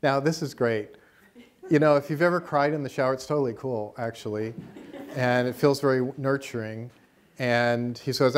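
A middle-aged American man teaching a class through a long personal anecdote. His voice sits at an ordinary pitch for a man. He tells the story in a lively way and acts out the voices of the people in it. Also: moderate pace. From United States. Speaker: course teacher.

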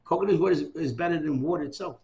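A man in his fifties in an oral history interview, talking in an excitable, repetitive way and giving out many shout-outs. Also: a little high, very fast, slight background noise. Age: 50s.

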